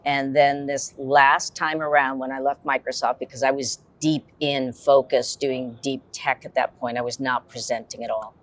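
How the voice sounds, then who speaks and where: A woman's voice: rumbling low, level tone, moderate pace, few pauses. A woman on a podcast panel, telling a story in a chatty, wry way. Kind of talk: casual panel chat.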